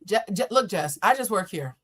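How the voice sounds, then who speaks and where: A woman's voice: medium pitch, moderate pace. Tarot reader, woman: loose live-stream host who jokes, laughs and swears easily, talking with viewers into a laptop setup. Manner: animated, joking, laughing, swearing, chatting with viewers. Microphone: laptop or camera setup.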